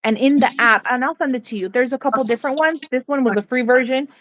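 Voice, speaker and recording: A woman guest on a live stream, chatting casually and backing up the host with quick agreeing replies. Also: high-pitched, fairly bright tone. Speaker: guest creator. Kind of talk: casual chat.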